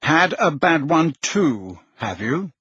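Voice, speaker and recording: A man's voice: a little high, huge pitch swings, fairly bright tone, slightly rough, dry recording, highs cut off, heavily acted. A man reading an audiobook, voicing a stiff, flustered prime minister who hesitates and stumbles. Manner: hesitant, halting.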